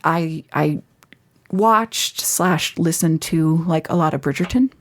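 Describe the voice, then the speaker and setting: A woman guest, an actress, chatting in a casual interview in an animated, talkative way. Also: low-pitched, slow pace. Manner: chatty, animated, laughs easily.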